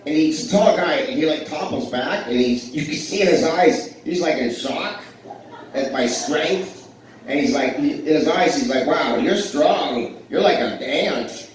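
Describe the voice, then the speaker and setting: A man's voice: fairly high pitch, moderate pace, a little hiss or hum. A man performing live stand-up comedy in a small club, rambling and self-deprecating, with lots of fillers and restarts. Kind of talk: live stand-up with crowd work. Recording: echoey, distant live club recording.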